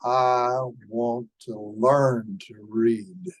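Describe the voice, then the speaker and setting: An older man retelling an anecdote and voicing a young schoolboy who cannot read, speaking quietly and plaintively. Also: mid-range voice, fairly even intonation, extremely slow.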